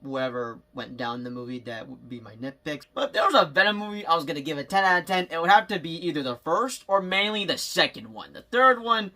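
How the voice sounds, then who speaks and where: A young man with a high, bright voice chats casually into his phone at home. He rambles excitedly and laughs often, jumping between thoughts. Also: quick pace, hardly any pauses, slight background noise. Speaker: vlogger. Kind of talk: casual movie vlog chat.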